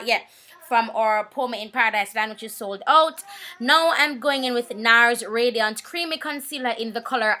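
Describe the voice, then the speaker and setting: A woman's voice: on the high side, bright, forceful tone. A woman, talking casually through a makeup tutorial, chatty and repeating herself. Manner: chatty, repeats herself, talks while working. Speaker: makeup vlogger.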